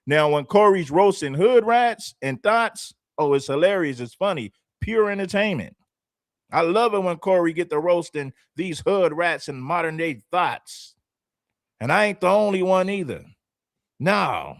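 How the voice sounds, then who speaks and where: A man's voice: high voice, animated, a little slow, no echo, studio quality. A man hosting a reaction commentary show, talking in an emphatic, repetitive, chatty way.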